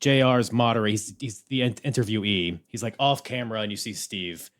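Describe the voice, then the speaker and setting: A man's voice: on the low side, a little fast. A man co-hosting a podcast in casual chat, telling stories in a chatty way. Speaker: podcast co-host.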